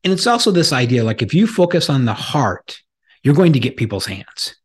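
A man's voice: mid-range voice, sing-song, normal speed, slightly rough. A middle-aged man co-hosting a podcast, talking casually and illustrating points with anecdotes, often restarting his sentences. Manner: storytelling with anecdotes, frequent restarts. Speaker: podcast co-host.

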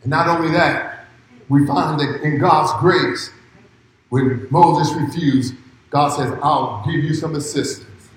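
A man preaching a sermon as pastor, shouting in rising bursts and dropping low and quiet in between. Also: slow, very echoey, a little hiss or hum, rough recording.

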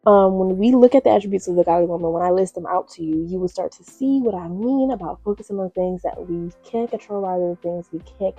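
A woman's voice: lowish voice, mellow, breathy edge, dry recording, highs cut off. A young woman hosting a faith-based solo podcast, talking earnestly and conversationally, repeating phrases for emphasis. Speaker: podcast host.

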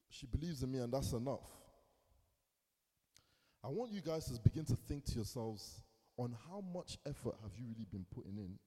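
A young male pastor preaching a sermon, telling a story with acted quotes and swinging between hushed asides and loud bursts. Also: medium pitch, husky. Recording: long reverb in a hall.

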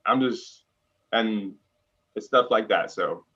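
A man's voice: lowish voice, takes it slowly, bright, forceful tone, dull audio. A man who is a guest on a casual podcast, speaking hesitantly.

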